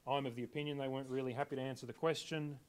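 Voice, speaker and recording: Male preacher, mid-pitched, chatty sermon delivery that poses questions to the congregation. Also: fairly even intonation, very fast, clean tone. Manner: conversational, asks the congregation questions.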